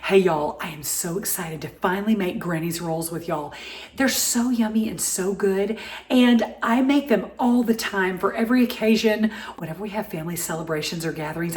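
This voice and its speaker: A middle-aged woman with a warm Southern American accent talks her viewers through a family recipe in a cheerful, chatty, folksy way. Her voice sits in a medium register. The kitchen around her is roomy and echoey. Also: medium pitch, a little hiss or hum. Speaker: cooking show host. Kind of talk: home cooking show. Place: home kitchen.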